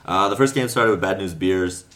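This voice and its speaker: A man hosting a casual podcast chat, relaxed and rambling, laughing often. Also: low-pitched, normal speed. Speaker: podcast host.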